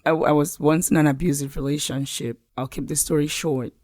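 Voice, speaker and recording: A woman's voice: low-pitched, fairly even intonation, brisk, darkish tone, faint music behind. Woman, Cameroonian accent, podcast guest, earnest, reflective, laughs easily. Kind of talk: casual interview conversation.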